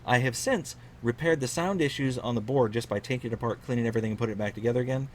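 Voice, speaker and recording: A man talks to his viewers in a relaxed, chatty way. He sounds tired and a little hoarse, and his voice sits at an ordinary middle pitch. A faint hiss of background noise runs behind him. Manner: chatty, unhurried, repeats figures for emphasis. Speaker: collector vlogger. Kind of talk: casual storytelling to camera.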